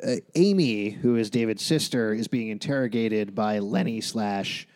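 A man hosting a podcast in casual chat, animated and quick to laugh, jumping between topics. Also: fairly low pitch. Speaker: podcast host.

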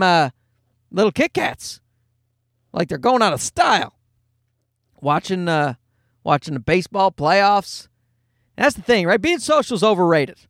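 A man's voice: sits high, a bit bright, dry recording, clean studio sound. A man of forty telling rambling, wry comic stories in a casual monologue, with some swearing. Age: 40s. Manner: rambling, wry storytelling with profanity.

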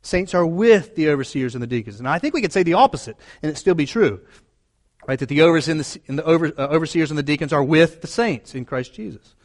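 Male pastor, emphatic sermon delivery, slightly higher voice, repeats phrases for emphasis. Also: animated, quick pace. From United States.

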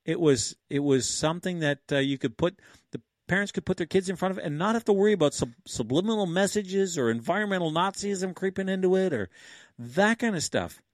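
A man's voice: sits high, lively intonation, brisk, no echo, studio quality. A man in his sixties from Canada, hosting a casual livestream, rambling, chuckling and thinking aloud as he talks to his viewers. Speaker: livestream host.

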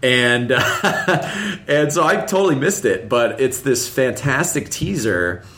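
A man's voice: mid-range voice, lively intonation, slow, bright, forceful tone. A man co-hosting a fan podcast in casual chat, rambling, with frequent restarts and eager enthusiasm. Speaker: podcast co-host.

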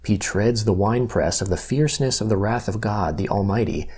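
Male Bible reader, husky and mellow, measured scripture reading. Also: lowish voice. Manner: measured, even-paced reading with slow emphasis on key phrases.

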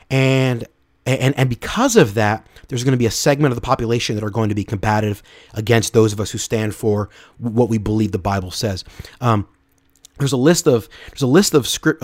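A man's voice: mid-range voice, brisk, darkish tone, dry recording, studio quality. A man hosting a podcast, giving an earnest, unscripted Bible teaching talk and often restarting and repeating words. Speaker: podcast host.

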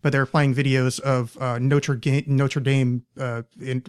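A man's voice: mid-range voice, flat delivery, measured pace, a little mellow, clear, resonant tone. A young man hosting a podcast, chatting casually in a rambling, sardonic way and swearing freely. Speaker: podcast host. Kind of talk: casual chat.

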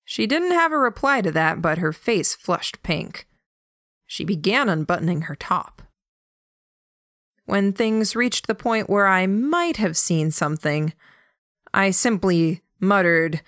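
Slow, low-voiced woman narrating a novel. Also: lively intonation, fairly bright tone, no echo, clean studio sound. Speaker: audiobook narrator. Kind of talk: first-person audiobook narration.

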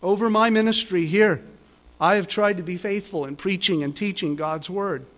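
A man's voice: high voice, normal speed. A middle-aged male pastor giving a sermon, earnest and pleading, building to emphatic repeated phrases.

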